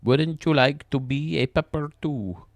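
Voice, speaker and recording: A prissy, sing-song man with a pinched, nasal voice pitched well up, as a man puts him on. The voice sounds thin and oddly distant. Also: a little slow, no echo. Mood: goofy. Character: high, nasal, prissy adult man from a kids' show.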